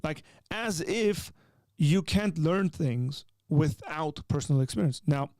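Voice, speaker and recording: A man hosting a live call-in stream. His voice is mellow and gravelly, and it sounds dry and close. He teaches and jokes in an animated way, pushing hard on the points he stresses. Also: a little high, slow, no room sound. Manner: animated and joking, teaching with rising emphasis. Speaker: livestream host. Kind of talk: live call-in show chat.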